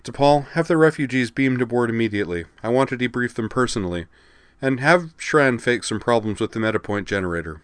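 A man voicing a brash, confident woman admiral giving brisk commands. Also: mid-range voice, animated, no echo, pitched above the performer's own voice, close to an everyday voice. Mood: cocky commanding.

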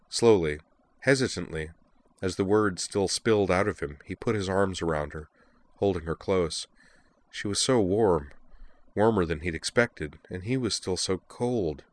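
A man with a very deep, low voice narrates a story aloud. His reading is calm and steady, carrying the listener along at an even pace. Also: measured pace. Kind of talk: audiobook reading of fiction.

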